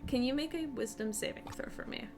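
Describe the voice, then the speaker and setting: A woman's voice: sits high, brisk, a little mellow, faint music behind. A woman game master narrating a tabletop game over an online voice call, describing scenes with fillers and restarts.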